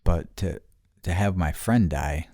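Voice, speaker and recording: A middle-aged man on a podcast, casually telling a profane, animated story full of quoted voices. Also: sits low, takes it slowly, dry recording, studio quality. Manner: profane, animated retelling with quoted voices, turning quiet and somber. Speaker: podcast host.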